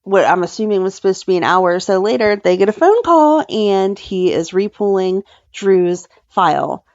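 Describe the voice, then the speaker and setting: A woman co-hosting a casual podcast, retelling scenes with animated quoted voices. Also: medium pitch, moderate pace, no echo, muffled recording. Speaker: podcast co-host. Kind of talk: casual recap chat.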